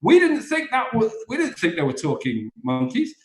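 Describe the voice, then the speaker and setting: A man's voice: high voice, huge pitch swings, normal speed. A man teaching stand-up comedy, explaining how jokes work and acting out silly little voices. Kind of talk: explaining joke structure, live online session. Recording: echoey room.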